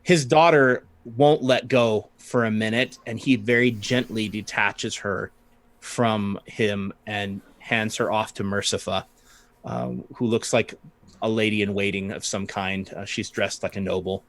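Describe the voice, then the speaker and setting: Unhurried man narrating as game master. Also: fairly low pitch, fairly even intonation, fairly bright tone. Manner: unhurried, pausing often with fillers.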